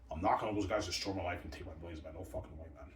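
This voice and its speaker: A man's voice: sits low, rapid-fire. A man ranting in a rambling, agitated monologue, swearing a lot and repeating himself. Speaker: self-published author. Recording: echoey room, mic at a distance, faint ambient noise.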